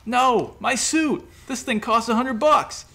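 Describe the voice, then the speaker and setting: A whiny young man who is easily upset, his voice jumping high and loud, as a male storyteller puts him on. He yelps his lines out. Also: slow, heavily acted.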